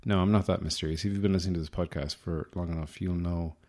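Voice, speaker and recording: A man's voice: sits low, steady tone, fast, warm tone. An Irish man hosting a podcast, delivering a rambling, self-deprecating comic monologue with a wry manner. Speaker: podcast host.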